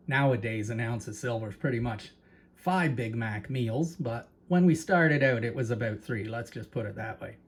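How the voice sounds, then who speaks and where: A Canadian man chats to his viewers in a loose, rambling way, circling back and repeating himself as he goes. His voice sits at an ordinary middle pitch, and his accent stays plain in every line. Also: darkish tone. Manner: chatty, rambling, repeats words and asides to viewers. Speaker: channel host. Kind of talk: casual talk to camera.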